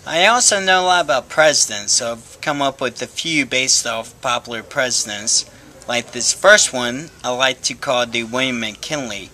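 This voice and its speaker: Bright-voiced man telling deadpan jokes. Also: mid-range voice, moderate pace. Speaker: stand-up comic.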